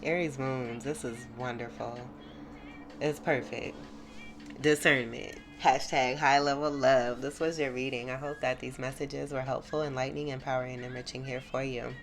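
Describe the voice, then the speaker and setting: A woman's voice: rumbling low, steady tone, brisk, hardly any pauses. A woman giving a spiritual tarot reading to her viewers, effusive, exclamatory and encouraging. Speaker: tarot reader. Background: music.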